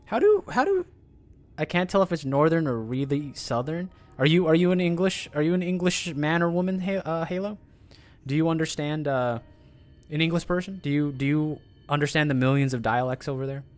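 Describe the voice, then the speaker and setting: A man's voice: fairly high pitch, a little fast, soft background music. A male streamer chatting casually over his gameplay, rambling and musing aloud. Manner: rambling, chatty, many fillers and restarts.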